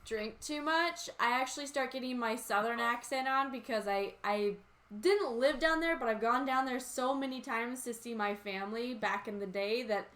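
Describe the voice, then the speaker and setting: A woman's voice: on the high side, a bit bright. A woman from the United States chatting casually among friends. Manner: chatty, quick to laugh. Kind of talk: casual chat.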